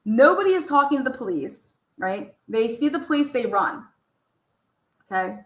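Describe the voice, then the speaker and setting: A woman's voice: on the high side, sing-song, normal speed, echoey room, low-quality recording. A woman giving casual true crime commentary over case footage. She swears freely and fires off pointed rhetorical questions. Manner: profane, rhetorical, asks many pointed questions.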